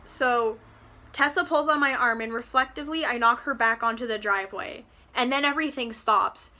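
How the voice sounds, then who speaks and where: A woman rants through a book review in a sarcastic, exasperated tone. Her voice is bright and sits fairly high. She swears casually and keeps up a fast, chatty flow.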